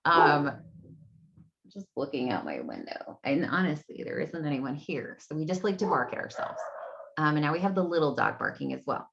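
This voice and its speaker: Low-voiced chatty woman, dull home recording. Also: very animated, normal speed, vocal fry, a bit bright. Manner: chatty, rambling, many fillers. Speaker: energy healing coach. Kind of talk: casual solo talk to camera. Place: home room. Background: dogs barking.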